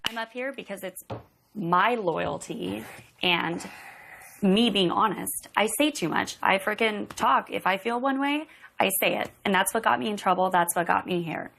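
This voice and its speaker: A young woman speaks bluntly in a heated argument with lots of vocal fry. She sounds defensive and stands her ground. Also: mid-range voice, moderate pace, fairly bright tone. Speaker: reality show contestant. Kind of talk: heated conversation.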